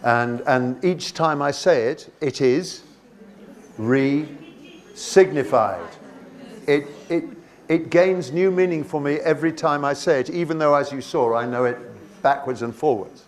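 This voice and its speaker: Animated man leading a teacher workshop. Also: fairly high pitch, unhurried. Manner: lively, reads poem lines aloud, many restarts. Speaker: teacher trainer.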